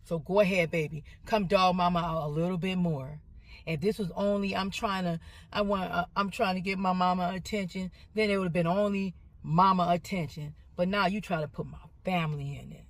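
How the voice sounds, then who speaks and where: A woman's voice: lowish voice, steady tone, a little fast, no echo. A middle-aged woman gives an emotional rant to camera as a social media poster, talking in an emphatic, repetitive, confrontational way.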